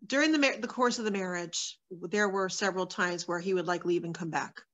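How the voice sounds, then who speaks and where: A woman's voice: on the low side, a little fast, a bit bright, muffled recording. A woman sharing her personal testimony as a guest, in a candid, earnest storytelling manner with many fillers.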